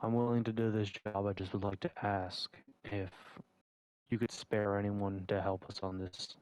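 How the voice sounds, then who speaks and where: A man's voice: lowish voice, flat delivery, moderate pace, darkish tone, clear, resonant tone, no room sound, close to an everyday voice. A man voicing a formal, earnest male party leader in a tabletop role-play game, speaking in a stiff, solemn way.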